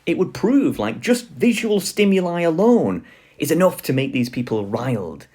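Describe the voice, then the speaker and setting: A man lectures casually for an online video, his speech loose and filler-heavy and broken by frequent chuckles. His voice is husky, with a lively, swinging pitch. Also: normal speed.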